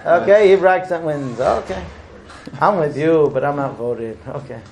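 A man's voice: fairly high pitch, moderate pace, vocal fry, darkish tone, slight background noise. A man leading a group through a mock Seder, explaining terms and chanting the blessings. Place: room with a group.

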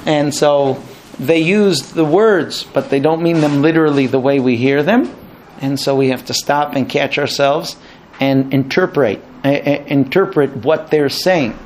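A man giving a lecture, animated, acting out quoted exchanges in raised voices. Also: fairly high pitch, measured pace, slight background noise. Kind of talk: spoken lecture to an audience.

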